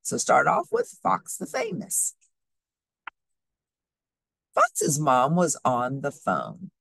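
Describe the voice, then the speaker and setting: A woman reading a children's storybook aloud, telling it in a slow, expressive way. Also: rumbling low, creaky, breathy edge, no echo. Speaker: storybook reader.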